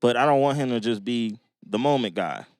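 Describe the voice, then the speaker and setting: Laid-back young man with smooth voice. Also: medium pitch, lively intonation, a little fast, a little mellow, no echo, studio quality. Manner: laid-back, rambling, lots of "you know what I mean". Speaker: podcast co-host. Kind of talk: casual chat.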